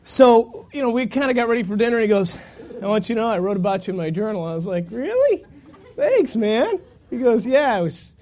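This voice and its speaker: Male pastor, very high voice, lively self-mocking sermon storyteller. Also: quick pace. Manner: animated, self-mocking storyteller with acted-out quotes.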